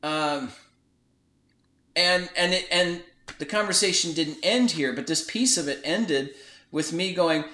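A man's voice: a little high, measured pace, long pauses. A man hosting a podcast, telling a story in a casual chat and acting out the quoted lines. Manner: animated retelling, acts out quoted dialogue. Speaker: podcast host. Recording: echoey room.

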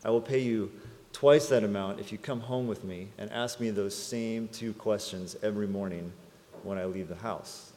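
Brief: preacher playing a shrewd old rabbi, calm and sly, echoing in a large hall. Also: male voice, fairly low pitch, moderate pace, slight background noise, close to an everyday voice. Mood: calm, earnest. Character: clever wise old male rabbi, quick-witted. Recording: long church-hall reverb.

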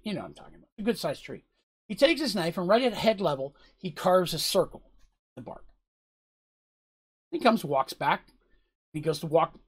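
Husky-voiced man retelling a tabletop session, conversational and rambling. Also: sits high. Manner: conversational, rambling, with frequent fillers. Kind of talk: recounting a tabletop game session.

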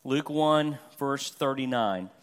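This middle-aged man from Florida delivers a sermon as a guest pastor, taking it slowly in a mid-range voice. He's conversational and self-deprecating, acting out everyday examples with humor.

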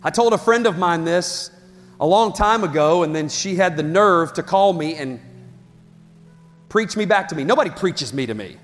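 A male pastor preaching with real passion, his voice climbing to shouts at its peaks. His voice sits high for a man. Long hall reverb trails each line, with faint music underneath. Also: expressive, normal speed. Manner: impassioned, building to shouts. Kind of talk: sermon.

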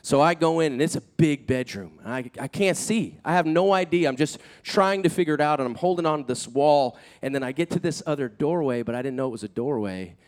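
A man preaching a sermon, telling a personal story in an earnest, animated way that builds in intensity. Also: a little high, a little fast, few pauses. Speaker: pastor.

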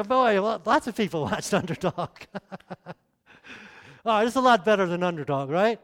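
A middle-aged man with a rather high voice preaches to a congregation. He talks in a relaxed, chatty way and keeps checking in with the room by asking questions. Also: unhurried. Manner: conversational, asks the audience questions. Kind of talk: sermon.

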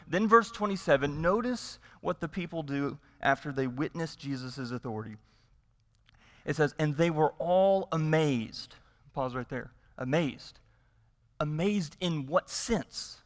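A man's voice: a little high, moderate pace, a bit bright, big-room sound. A man preaching a sermon as pastor, emphatic, repeating his points and asking rhetorical questions.

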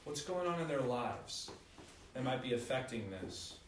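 A man's voice: medium pitch, lively intonation, measured pace, recorded from a distance, slight background noise. A young adult man preaching a conversational sermon, telling stories with self-deprecating humor. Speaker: pastor. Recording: echoey hall, voice from afar.

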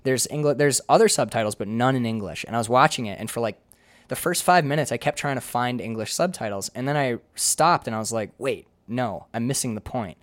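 A man from Michigan's Upper Peninsula co-hosting a casual film podcast, animated and swearing freely as he raves about movies. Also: mid-range voice, fast, no room sound. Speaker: podcast co-host.

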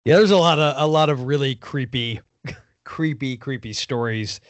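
A man's voice: mid-range voice, moderate pace, no echo. A man appearing as a guest on a podcast, chatting casually and often restarting his sentences. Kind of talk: casual chat.

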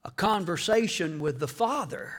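High, bright-voiced male preacher. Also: animated, normal speed. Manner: dramatic preaching, swings from whisper to shouting. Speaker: pastor. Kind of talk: sermon. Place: church.

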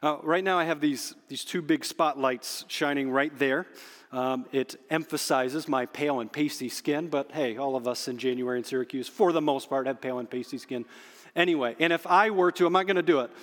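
A man preaching a sermon as pastor, emphatic and slowing down on key phrases. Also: medium pitch, a bit bright. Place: church sanctuary under stage spotlights. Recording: long hall reverb.

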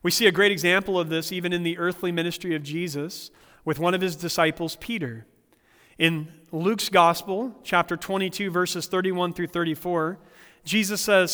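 A man's voice: high voice, steady tone, normal speed, fairly bright tone, in a large hall. A man pastor preaching a sermon, earnest, with humorous personal stories.

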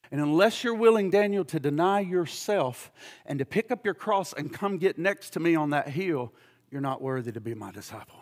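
A male pastor preaching a sermon with impassioned swings from loud fervor to hushed intensity, often repeating words. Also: fairly high pitch, lively intonation, normal speed.

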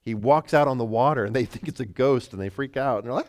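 Animated preacher in a reverberant hall. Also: male voice, medium pitch, fast talker. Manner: animated, acts out scripture voices, rises and drops to near whisper. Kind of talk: sermon.

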